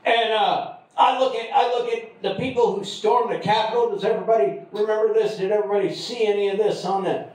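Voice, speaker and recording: A middle-aged man doing an open mic stand-up set, shouting his crude punchlines. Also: sits high, steady tone, fairly quick. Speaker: stand-up comic. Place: comedy club stage. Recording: echoey club, far from the mic.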